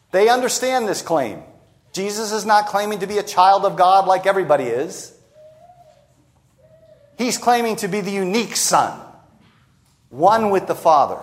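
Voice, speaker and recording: Guy with a high voice preaching, slows way down on the big lines. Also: expressive. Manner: expository preaching, acts out quoted lines, slows for emphasis. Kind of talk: sermon.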